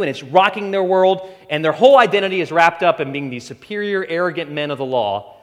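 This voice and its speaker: Male preacher, animated sermon, high-ish lively pitch, long hall reverb. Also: fast talker. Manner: animated preaching, voicing Bible figures in quotes. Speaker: pastor.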